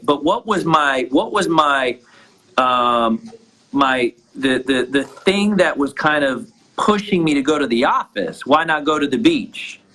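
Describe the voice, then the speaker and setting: A man at a middle pitch tells a personal story in a casual, animated way. He restarts often, repeating words as he goes. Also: poor audio. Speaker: guest entrepreneur.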